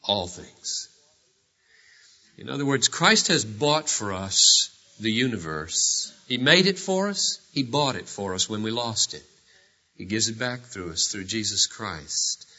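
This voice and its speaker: A man preaching a sermon in a church, asking rhetorical questions with animated delivery. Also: lowish voice, a little slow. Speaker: pastor. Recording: dull lo-fi sermon recording.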